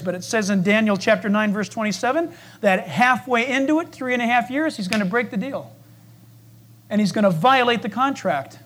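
A man preaching a sermon, swinging between loud declarations and hushed asides, acting out voices and asking the congregation questions. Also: sits high.

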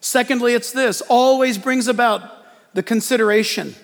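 A male pastor preaching a lively sermon in church, joking and acting out quotes as he goes. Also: extremely high pitch, moderate pace, vocal fry, big-room sound. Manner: animated preaching with jokes and acted-out quotes.

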